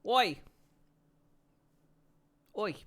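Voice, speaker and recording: A man's voice: very slow, background noise. A man chatting casually on a long live stream, laid-back and rambling, laughing often and yawning between lines.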